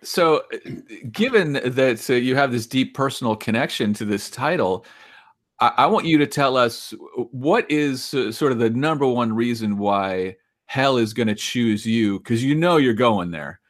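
Male co-host, mid pitch, wry, halting questions. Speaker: podcast co-host. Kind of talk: interviewing with jokes.

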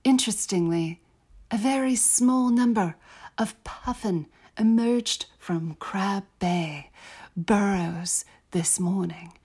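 Woman doing a genteel British lady diarist, hushed, careful, slow. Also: medium pitch, slightly rough.

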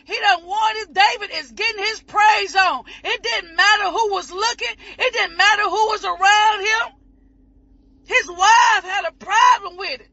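A woman preacher in full ecstatic sermon, shouting, whooping and near tears. Her voice sits very high and cuts bright. The recording is muffled and lo-fi. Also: unhurried. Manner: impassioned, shouting and whooping, voice breaking as if crying.

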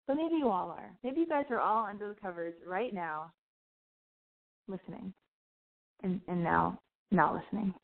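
A woman's voice: medium pitch, moderate pace, vocal fry, pauses often. A woman hosting a call-in radio show, talking candidly and rambling with swearing and self-analysis. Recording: phone-like narrow sound.

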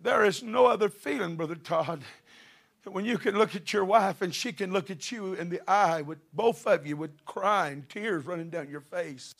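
Middle-aged male preacher, high-pitched and gravelly, fervent. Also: moderate pace. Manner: fervent, building to shouted passages. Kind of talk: sermon.

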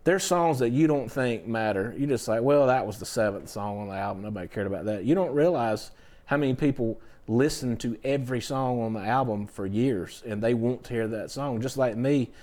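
A middle-aged songwriter appears as a guest in a casual interview, telling stories animatedly and impersonating the people he quotes in different voices. He speaks briskly in a mid-range voice.

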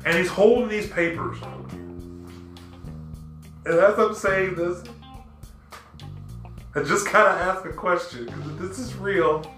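A man with a bright, forceful voice pitched a little high talks animatedly, swearing freely as he tells a story and drifts into a rant. He sounds like the host of a casual podcast, recorded in an echoey room. Faint music plays underneath. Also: slow, long pauses. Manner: animated, profane storytelling and ranting. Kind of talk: casual chat.

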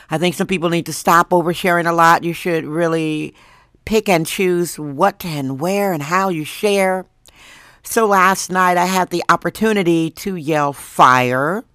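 Hoarse woman, from Wisconsin, slow unhurried delivery, lowish voice, dry close sound, joking podcast host. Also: fairly bright tone, no echo. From Wisconsin, USA. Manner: chatty, jokey, laughs at herself. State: hoarse, lost voice. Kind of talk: casual solo monologue.

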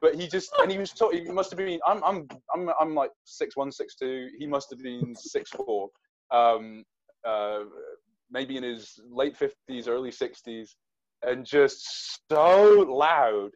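A man, a guest actor, telling an animated story in a casual interview, with hesitant restarts. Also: mid-range voice, measured pace, lo-fi sound.

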